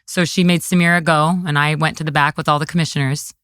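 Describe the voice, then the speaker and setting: A woman with a slightly low voice tells a story in an interview. She is emphatic and casual, with a lot of "like" and "I go". Her voice is dry and close, with no room sound. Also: flat delivery, fast talker, fairly bright tone, no echo. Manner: acts out others' lines in her retelling, emphatic; frequent "like" and "I go" in speech. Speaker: interview guest.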